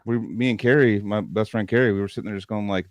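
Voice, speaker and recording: A man hosting a podcast, chatting casually in an excitable, rambling way and laughing often. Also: on the low side, fast, a little hiss or hum. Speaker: podcast host. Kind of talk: casual chat.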